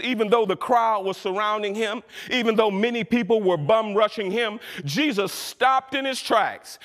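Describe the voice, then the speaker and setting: A man preaching an impassioned sermon as a minister, rising to shouts. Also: sits high, long reverb tail. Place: church sanctuary.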